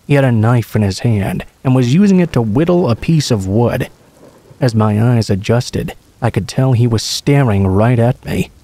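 Mellow-voiced man reading scary stories. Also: mid-range voice, normal speed. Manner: steady, casual first-person storytelling. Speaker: horror story narrator.

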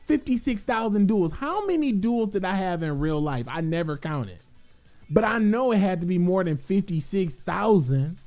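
A man, a gaming content creator, rambling casually to his viewers with lots of swearing, slang and laughter. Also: sits high. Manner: profane, excitable, laughs often, streetwise slang.

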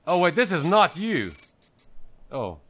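Give me a man doing rambling, excitable gameplay commentary who swears at his own mistakes. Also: high-pitched, slow. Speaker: gaming channel host. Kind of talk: let's play gameplay commentary.

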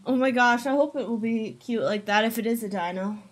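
A woman's voice: a little high, a little fast. A young woman live-streaming a game, chatting playfully with her viewers and reacting to the game with gasps and giggles. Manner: playful and chatty, talking to chat, bursting into gasps and silly sounds. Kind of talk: casual live-stream chat while gaming.

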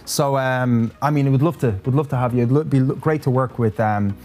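A man's voice: medium pitch, fairly quick, darkish tone, faint music behind. A man hosting a live interview, rambling and jokey. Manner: rambling, jokey, many fillers. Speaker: host. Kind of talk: casual live-stream interview chat.

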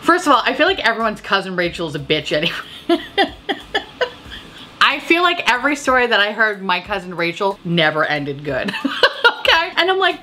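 A woman hosting a casual beauty chat, talking about makeup releases with heavy swearing, laughter and tipsy, excitable gushing. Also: medium pitch, moderate pace, slight background noise. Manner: animated, swearing, laughing, drinking. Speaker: beauty video host.

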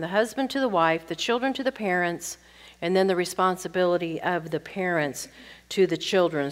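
A middle-aged woman teaching a sermon to women, earnest and explanatory, often checking in with rhetorical questions. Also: medium pitch.

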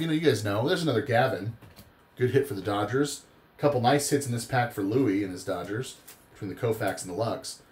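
A man's voice: mid-range voice, fairly quick. A tired man hosting a live card-break stream, chatting casually and rambling into long personal stories. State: tired after a long day.

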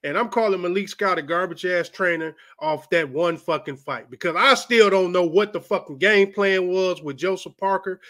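High, bright-voiced man ranting bluntly. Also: moderate pace, hardly any pauses. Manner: blunt, profane, heated. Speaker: boxing commentator. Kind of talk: ranting commentary vlog.

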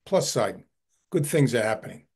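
A man who heads a historical society gives a video-call book talk. He tells an animated anecdote and often repeats his words. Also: mid-range voice, moderate pace, breathy edge. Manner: animated, repeats words while telling a story.

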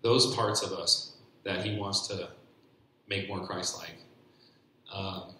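A man giving a personal faith testimony at church, speaking haltingly with many restarts and repeated fillers. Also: sits low, steady tone, bright, forceful tone, slight background noise. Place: church hall. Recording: very echoey church hall.

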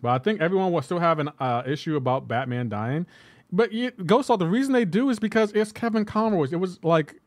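In a dry recording, a man with a slightly high voice live-streams a game, chatting loosely and responding to his viewers. He fills his casual talk with lots of "like."

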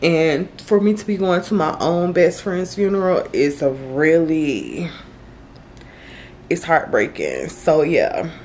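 Woman, late 20s, vlogger. Low, tearful, halting talk straight to camera; slight background noise. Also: expressive, a little mellow. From Florida, US. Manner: emotional, halting, many fillers and restarts. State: grieving, tearful. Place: indoors, on her bed.

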